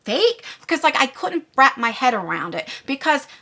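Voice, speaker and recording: A woman's voice: high voice, big pitch swings, moderate pace, sharp tone. A woman in her forties telling a storytime vlog, rambling and indignant as she retells events. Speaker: YouTuber.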